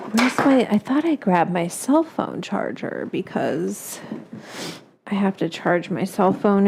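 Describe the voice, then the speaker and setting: A woman's voice: mid-range voice, vocal fry, a little mellow, a little hiss or hum. A woman hosting a home cooking show in casual chat. She swears freely, keeps breaking into coughing fits, and baby-talks to her dog in her kitchen.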